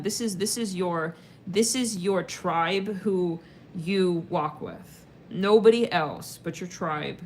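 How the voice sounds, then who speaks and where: A woman's voice: fairly low pitch, a little hiss or hum. A woman giving a casual tarot reading, rambling and slangy, with lots of filler words and casual swearing. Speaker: tarot reader.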